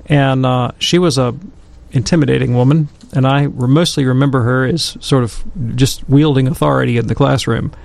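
Gravelly middle-aged man telling stories. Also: mid-range voice, moderate pace, hardly any pauses. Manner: animated storyteller who acts out quotes. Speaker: Catholic commentator on scripture. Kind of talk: casual storytelling and commentary.

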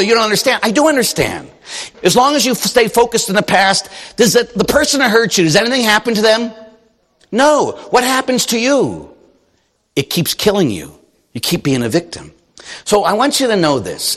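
Animated priest preaching in an echoey hall. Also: male voice, high voice. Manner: animated storytelling preacher, acting out quoted voices. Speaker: Catholic priest. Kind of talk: sermon.

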